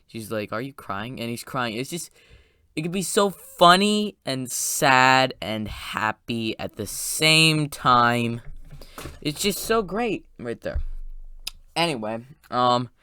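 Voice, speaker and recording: A man recaps a film in a rambling, excited spoiler review, piling on asides as he goes. His voice is bright, smooth and crisp. It sounds close and dry, with no room around it. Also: mid-range voice, no room sound. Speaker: movie reviewer.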